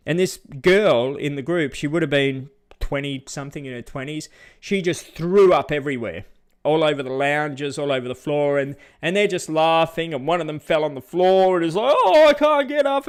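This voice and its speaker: An Australian man talks to his viewers in a loose, unscripted chat. He sounds fed up and indignant, piling on repeated phrases and stumbling restarts as he rants. His voice sits at an ordinary middle pitch for a man. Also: smooth. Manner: indignant, ranting with many restarts. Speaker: travel YouTuber answering viewers. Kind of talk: casual live chat.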